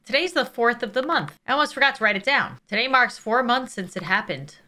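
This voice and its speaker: A woman voicing a lonely young girl who talks herself quietly and uneasily through daily chores, reading game dialogue aloud. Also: fairly high pitch, lively intonation, fairly quick, a little hiss or hum. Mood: somber. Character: lonely young girl caring for monsters alone.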